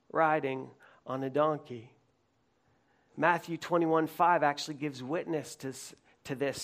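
A man preaching a sermon to a congregation, earnest, often repeating words as he builds a point and rising to loud, emphatic peaks. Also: fairly high pitch. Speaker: pastor.

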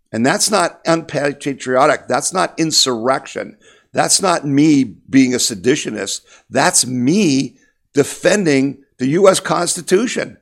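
A man's voice: mid-range voice, gravelly. A man giving an impassioned political monologue as a talk host, emphatic and repetitive, rallying his listeners.

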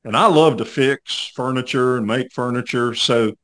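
A man's voice: mid-range voice, normal speed, a bit bright. Folksy older man telling a story. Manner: folksy, rambling, with many fillers. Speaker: podcast host. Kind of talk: casual storytelling interview.

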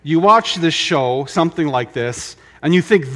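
A middle-aged man preaching a sermon, emphatic, with dramatic pauses and repetition. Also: fairly high pitch, animated, sharp tone. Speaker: pastor.

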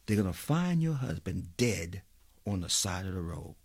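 A man's voice: sits low, very animated, normal speed, gravelly, husky. A man preaching a sermon as a pastor, telling stories and speaking directly to his listeners.

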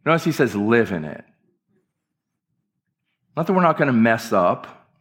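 A male pastor preaches an impassioned church sermon, his medium-pitched voice very animated and a little slow. He hammers his points emphatically, repeating phrases as he goes.

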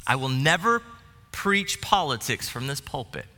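A man's voice: medium pitch, expressive, measured pace, pushed and bright. A male pastor giving a sermon in a church, talking conversationally with humor and asides. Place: church sanctuary. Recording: reverberant church hall.

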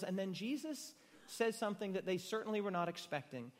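Male pastor, high voice, dramatic sermon with loud-to-hushed swings, long hall echo. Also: expressive, fairly quick. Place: room with a gathered congregation. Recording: reverberant hall sound.

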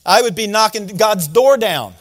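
A man's voice: high-pitched, lively intonation, moderate pace, a bit bright, long reverb tail. A man preaching a sermon, teaching through a Bible passage in a conversational way and asking his listeners rhetorical questions. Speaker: pastor.

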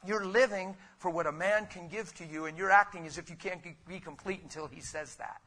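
A husky man with a slightly raised pitch preaches with great intensity. He drives his points home in repeated runs, surging loud and then dropping almost to a whisper. He is speaking to a church congregation. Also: brisk. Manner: impassioned, swinging from loud exhortation to near whispers; repetitive rhetorical build-ups. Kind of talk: sermon.

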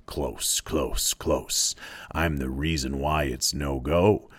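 A man's voice: extremely low pitch, steady tone, takes it slowly, slightly rough, no room sound, full character voice. A man voicing the Lord of the Flies, a rotting pig's head that menaces a boy in a mocking schoolmaster tone. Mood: menacing.

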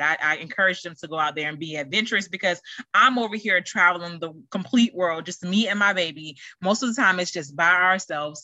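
A middle-aged woman hosts her own solo podcast, chatting casually in a fairly low, bright, forceful voice with no echo. She rambles, restarting often and using lots of fillers.

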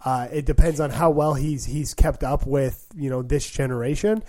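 Mellow-voiced man talking sports casually. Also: medium pitch. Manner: quick reactions, thinking aloud through scenarios. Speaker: podcast co-host.

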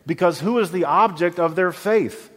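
A man's voice: high-pitched, normal speed. A man preaching a sermon as pastor, conversational and often asking his congregation questions. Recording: long hall reverb.

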